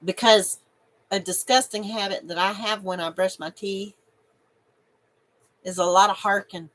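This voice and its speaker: A woman's voice: mid-range voice, unhurried, pauses often, a bit bright, low-quality recording. A middle-aged woman, hosting a casual live stream and chatting with viewers, giggly and emotional and laughing often. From North Carolina, USA.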